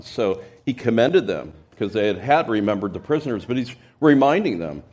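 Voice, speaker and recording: A man's voice: medium pitch, lively intonation, normal speed, a little mellow. Man preaching an expository sermon. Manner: explains Greek text, emphatic swells on key words. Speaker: pastor.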